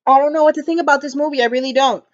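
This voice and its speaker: A woman's voice: sits high, steady tone, very fast, lo-fi sound. A woman vlogger rambling emotionally about a film she just saw, repeating herself often. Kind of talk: casual movie reaction ramble.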